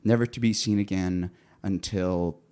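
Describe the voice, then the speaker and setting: Low-voiced man telling a story on a podcast. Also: steady tone, measured pace, warm tone, smooth. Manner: laid-back storyteller, repeats words and restarts, laughs at his own story. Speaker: podcast host. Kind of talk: casual podcast chat.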